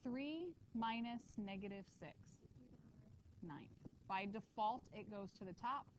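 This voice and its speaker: A woman math teacher lecturing a classroom, lively and quick with asides to her students. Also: mid-range voice, highs cut off, slight background noise.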